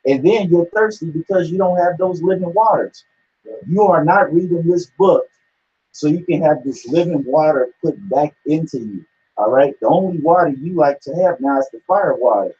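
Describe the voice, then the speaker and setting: A blunt man with a slightly high voice scolds his listeners in a scripture discussion, dropping curses as he goes. The audio is dull and lo-fi. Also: moderate pace, mellow. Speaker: co-host reading scripture. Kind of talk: preaching discussion. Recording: dull lo-fi sound.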